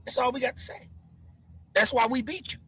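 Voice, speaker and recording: A live stream host giving heated commentary, answering chat and mocking commenters by name while shouting. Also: medium pitch, a little fast, husky, rough recording.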